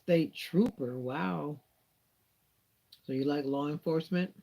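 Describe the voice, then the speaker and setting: A woman's voice: sits low, takes it slowly, vocal fry, mellow. A woman hosting a livestream, chatting casually with viewers, asking them questions and closing with a blessing and a prayer. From United States. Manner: friendly, asks viewers questions, closes with a prayer. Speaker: livestream host. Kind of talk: casual chat answering viewer comments.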